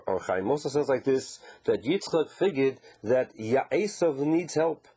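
A man's voice: mid-range voice, dark tone, breathy edge, low-quality recording. A man giving an informal Torah lesson, posing questions and then answering them in a conversational, explaining way. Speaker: Torah teacher.

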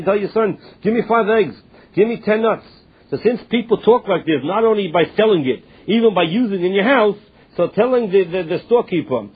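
A man's voice: sits high, slightly rough. A man teaching a Talmud class, reading lines and explaining them in English with frequent restarts. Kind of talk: Talmud class, translating text. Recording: tinny phone-line audio.

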